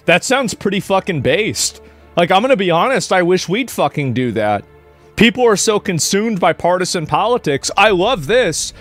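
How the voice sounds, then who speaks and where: A man's voice: sits high, sing-song, normal speed, fairly bright tone, faint music behind. Blunt, profane man reacting on stream. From United States. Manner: blunt, profane, rambling with frequent restarts. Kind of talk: casual reaction commentary.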